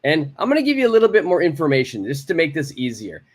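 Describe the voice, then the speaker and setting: A man teaching an online English lesson, repeating example phrases slowly and clearly. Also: on the high side, wildly swooping pitch.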